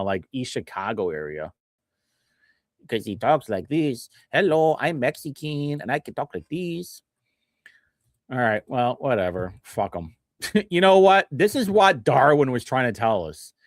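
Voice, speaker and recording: A male livestream host who reads bill text aloud and mocks it in casual commentary, chuckling often, with big swings in pitch. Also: fairly bright tone, no room sound, clean studio sound. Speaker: livestream host reviewing state bills.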